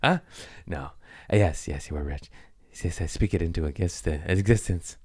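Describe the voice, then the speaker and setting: A young man hosting a podcast, telling stories in a casual, profane, animated way and laughing at his own jokes. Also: sits low, moderate pace, breathy edge, dry recording, clean studio sound. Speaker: podcast host. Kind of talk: casual storytelling monologue.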